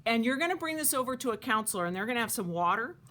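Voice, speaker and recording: A woman teaching a craft to children at a camp, talking in a playful, animated, chatty way. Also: fairly high pitch, racing.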